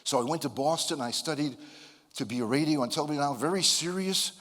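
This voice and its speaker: Older male speaker, slightly high voice, playful self-mocking storyteller, long hall reverb. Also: fast talker, fairly bright tone. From United States (Connecticut). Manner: playful, self-deprecating, humorous. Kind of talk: motivational talk with storytelling.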